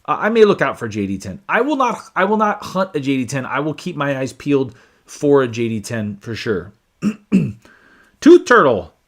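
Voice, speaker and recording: A whiskey channel host chats casually on a live stream, reading viewer comments aloud along the way. His mid-range voice swings widely in pitch at a moderate pace, and his loose speech is full of fillers and restarts.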